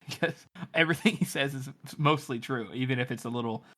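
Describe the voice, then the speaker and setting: Male co-host, medium pitch, loose and rambling, casual book chat. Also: a little fast, a bit bright. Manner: rambling, lots of likes and ums. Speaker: podcast co-host.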